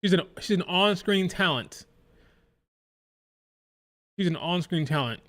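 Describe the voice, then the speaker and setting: A man's voice: high-pitched, animated, a little slow, a bit bright. A man hosting a live wrestling watch-along, chatting casually and mimicking crowd chants in a sing-song rhythm. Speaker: live stream reaction host.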